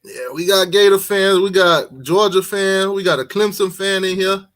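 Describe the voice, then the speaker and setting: Chill guy with a high voice reading donations on his stream, laughs a lot. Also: steady tone, normal speed, a bit bright. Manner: laid-back, laughs often, reads donations. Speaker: live-stream host. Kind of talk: casual sports chat.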